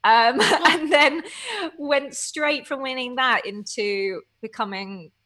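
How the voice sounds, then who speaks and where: A woman in her thirties, a fitness coach, telling her story as a podcast guest in a lively, laughing manner. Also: high voice, slow. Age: 30s. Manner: lively storytelling, acts out quotes, laughs often. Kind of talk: casual interview chat.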